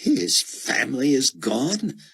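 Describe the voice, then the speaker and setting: A man's voice: mid-range voice, huge pitch swings, slow pace, creaky, fairly bright tone, breathy edge, pitched above the performer's own voice, exaggerated voice. A man voicing a harried young male journalist who talks tersely and impatiently.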